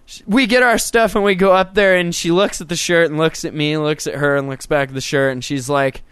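Smooth-voiced joking man, casual chat. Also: fairly high pitch, fairly even intonation, fairly quick, fairly bright tone, no echo. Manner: joking, rambling, crude humor. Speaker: podcast co-host.

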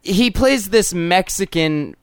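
Male podcast co-host, high clear voice, dry close sound, profane ranting banter. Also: lively intonation, takes it slowly, no room sound. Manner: profane, ranting, mocks with put-on quoted voices. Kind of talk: casual chat.

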